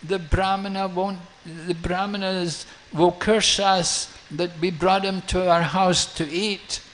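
A man's voice: high voice, fairly even intonation, slow, fairly bright tone, voice pushed up. A man voicing anxious parents who apologize and plead with a guest, in a storytelling talk.

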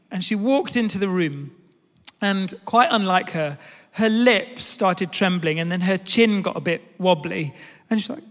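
A man in his thirties giving a sermon, telling a family story as an animated, self-deprecating storyteller. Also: high-pitched, moderate pace. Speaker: pastor. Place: large church hall. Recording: reverberant church hall.

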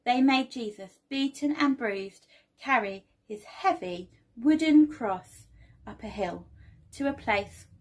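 A young woman presents a storytelling lesson for children in a church setting. Her voice sits slightly high, and her manner is gentle as she asks the children questions and invites them to take part. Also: animated, slow.

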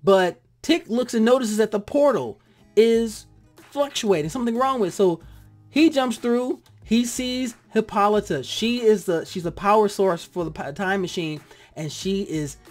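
A lively reviewer chats through a TV episode, voice rising and falling as they act out their own reactions. They drift now and then into heartfelt side remarks. Faint music plays softly behind them. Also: medium pitch, unhurried. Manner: animated, acts out own reactions. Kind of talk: casual spoken review.

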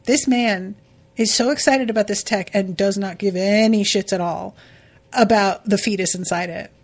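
A woman's voice: mid-range voice, steady tone, normal speed. A woman hosting a book podcast, losing her voice, talking bluntly and profanely about what she reads. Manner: blunt, profane, exasperated commentary. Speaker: podcast host. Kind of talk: casual book-discussion podcast.

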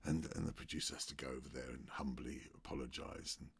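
A man's voice: a bass voice, fairly even intonation, quick pace, vocal fry, slightly rough. A man, a magician, telling a rambling film-set anecdote with many restarts. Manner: rambling, with frequent restarts and acted-out quotes.

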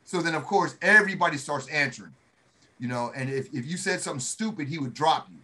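A middle-aged man telling a story in a casual chat, animated and acting out the voices of the people he quotes. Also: on the high side, quick pace, slightly rough. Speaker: podcast co-host, Army veteran.

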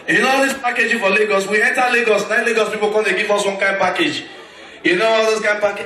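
Animated Nigerian comedian in an echoey hall. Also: male voice, a little fast, far from the mic. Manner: loud, animated storytelling with sudden shifts in pitch. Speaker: stand-up comedian. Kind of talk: stand-up comedy in Nigerian Pidgin. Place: large concert hall with live audience. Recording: echoey hall, mic off a bit, crowd noise.

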